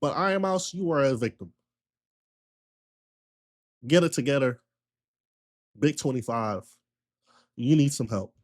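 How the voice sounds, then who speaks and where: A man streamer telling a long story in a casual, slangy rant, full of repetition and animated retellings. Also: medium pitch, unhurried, long pauses.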